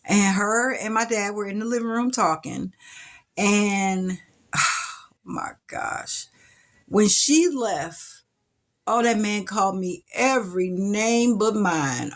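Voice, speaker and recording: A woman's voice: medium pitch, animated, measured pace. A middle-aged woman, telling a personal story to camera in an emotional, reflective way, with sighs and restarts. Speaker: vlogger telling her life story. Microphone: camera mic.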